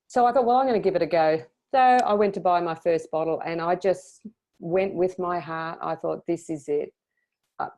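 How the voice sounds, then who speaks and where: A woman's voice: sits low, a little mellow. A middle-aged woman telling an earnest, emotional personal story as an interview guest, with many restarts. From Australia.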